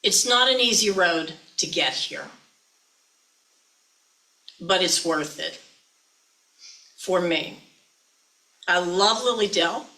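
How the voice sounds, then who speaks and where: A woman's voice: on the low side, animated, takes it slowly, pauses often, sharp tone, rough recording. A woman minister giving a chatty, folksy sermon, often teasing her listeners.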